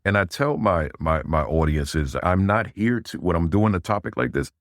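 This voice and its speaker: A man with an extremely deep, low voice answers interview questions, leaning hard on key words so his pitch climbs when he stresses them. The sound is dry and close, with no room around it. He sounds middle-aged and practiced at speaking to audiences. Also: lively intonation, moderate pace, hardly any pauses, no room sound. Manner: emphatic, rising on key words. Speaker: guest, school leadership speaker.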